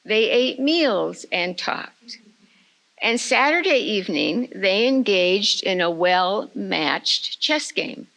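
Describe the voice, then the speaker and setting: An older woman giving a retreat talk, telling a family story in a slow, measured way. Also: medium pitch, expressive, creaky, a bit bright, low-quality recording. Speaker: retreat speaker.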